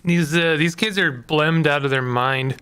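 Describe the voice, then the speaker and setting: A man's voice: a little high, a little slow, pushed and bright, a little hiss or hum. A man giving casual, rambling commentary while playing a video game, joking at his own expense. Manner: rambling, self-mocking jokes, laughs often.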